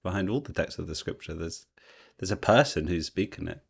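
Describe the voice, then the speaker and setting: A man co-hosting a podcast in casual chat, curious and relaxed, asking questions. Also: low-pitched, fairly quick, creaky, breathy edge. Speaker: podcast co-host.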